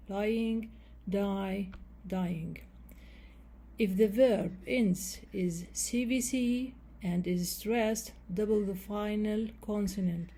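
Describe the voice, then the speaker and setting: Woman, grammar teacher, very slow delivery, mellow voice, repeats rules, spells out letters. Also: medium pitch, slightly rough. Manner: repeats key phrases, spells out endings letter by letter.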